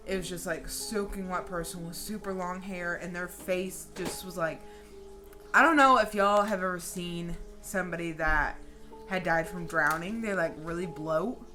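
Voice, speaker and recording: Bright-voiced, profane woman telling a story. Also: fairly low pitch, moderate pace, soft background music. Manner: animated, profane, dramatic storyteller. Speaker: vlogger. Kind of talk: casual storytelling.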